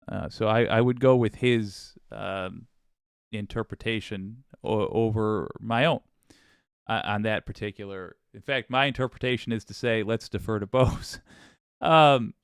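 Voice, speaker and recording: A man's voice: fairly low pitch, vocal fry, clear, resonant tone, dry recording, studio quality. A man hosting a political podcast, talking casually with wry asides and frequent restarts. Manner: chatty, wry, with laughs and restarts. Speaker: podcast host.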